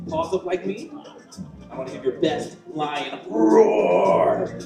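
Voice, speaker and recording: A man's voice: a little high, huge pitch swings, full character voice. A man playing a cocky, good-looking performer who playfully leads the crowd in animal sounds. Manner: drawn-out, playful crowd cheering. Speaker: show performer leading the crowd. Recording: roomy, distant stage recording with music.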